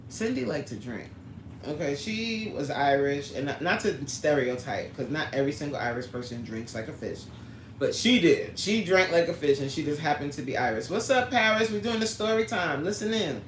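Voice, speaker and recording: Chatty woman livestreaming in an echoey room. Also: low voice. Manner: chatty, answers the live chat by name, storytelling. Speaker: livestream host chatting with viewers. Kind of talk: casual livestream chat. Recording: roomy echo, faint background noise.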